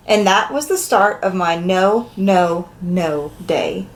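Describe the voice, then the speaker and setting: This woman has a medium-pitched voice and reads slowly, with few pauses. She's reading a picture book aloud to young children in an animated way, stopping to ask them questions as she goes.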